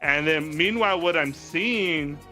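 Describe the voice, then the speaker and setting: A man's voice: fairly high pitch, measured pace, bright, forceful tone, faint music behind. A man telling a long story in casual chat, rambling with lots of "like", swearing and laughing as he goes. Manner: rambling, heavy use of "like", laughs often, swears freely.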